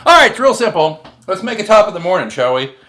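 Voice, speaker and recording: A chatty man hosts a cocktail show from his home bar, rambling and joking as he mixes drinks. His voice sits a little high for a man, and faint noise runs underneath. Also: big pitch swings, fast talker. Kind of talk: casual chat while mixing drinks.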